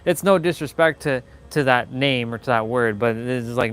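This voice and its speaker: A man's voice: medium pitch, normal speed, a bit bright, clear, resonant tone. A man hosting a motivational livestream, talking in a blunt, rambling way with many restarts and fillers. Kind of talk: casual live-stream monologue.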